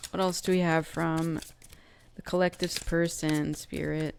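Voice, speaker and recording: A woman's voice: deep voice, little pitch movement, a little slow, vocal fry, darkish tone, a little hiss or hum. A woman giving a casual tarot love reading in a chatty way, full of fillers and often acting out what other people think. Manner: chatty, filler-heavy, slips into acting out quoted thoughts. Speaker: tarot card reader.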